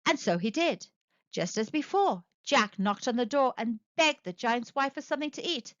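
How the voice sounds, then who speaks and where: A woman reading a picture book aloud to children, narrating with expressive, animated storytelling. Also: a little high, moderate pace, dry recording, lo-fi sound. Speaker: storyteller, channel host.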